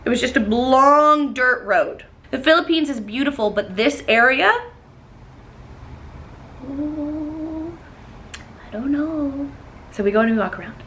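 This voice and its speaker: Woman, high bright voice, animated profane storytime vlogger. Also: brisk, few pauses, slight background noise. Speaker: vlogger telling a dating story. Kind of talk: storytime vlog.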